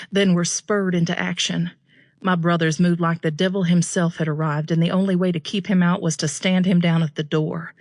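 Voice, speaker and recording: A woman narrating a romance audiobook in a steady first-person storytelling voice. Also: lowish voice, no room sound, clean studio sound.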